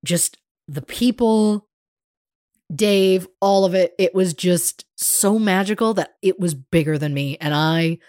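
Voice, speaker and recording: Woman podcast cohost, chatty storyteller, lowish voice, dry close sound. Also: takes it slowly, no echo. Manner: animated storyteller, acts out quoted voices. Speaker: podcast co-host. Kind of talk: casual chat.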